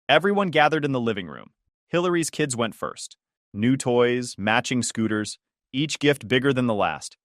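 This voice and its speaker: A man narrating a first-person story in an expressive, scripted storytelling manner. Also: medium pitch, dry recording, clean studio sound. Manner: expressive storytelling, shifting tone with the drama.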